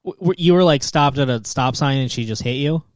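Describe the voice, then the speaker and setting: A man co-hosting a casual podcast, chiming in with quick questions and jokes. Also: medium pitch, no room sound. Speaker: podcast co-host. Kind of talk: casual chat.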